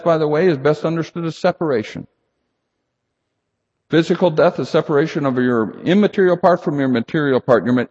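Husky-voiced male preacher, lively delivery. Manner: animated preaching, rising emphatic then dropping low. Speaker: pastor. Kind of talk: sermon. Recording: lo-fi recording in a reverberant hall.

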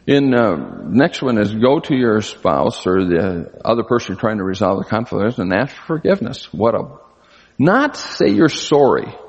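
An older man with a husky voice preaching an earnest, conversational sermon, his pitch leaping up for emphasis. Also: big pitch swings, moderate pace, dull audio. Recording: long hall reverb.

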